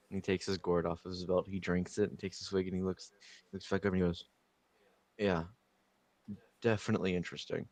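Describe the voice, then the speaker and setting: Man, tabletop player; very deep, dry, laid-back. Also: completely flat delivery, fast, darkish tone, no echo. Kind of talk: narrating his character's actions.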